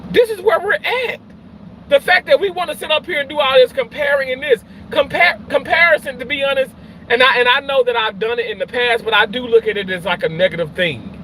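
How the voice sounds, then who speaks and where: A man who works in healthcare, ranting in an emotional vlog, swinging from loud yelling to quiet, halting talk, often repeating himself and swearing. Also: very high-pitched, a little hiss or hum, rough recording. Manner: repeats and restarts phrases, swears. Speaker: healthcare worker.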